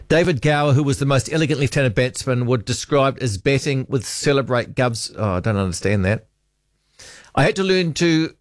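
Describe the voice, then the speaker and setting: A man's voice: mid-range voice, no echo, clean studio sound. A man hosting talkback radio, chatting casually and reading out listener texts, often trailing off with hesitant ums.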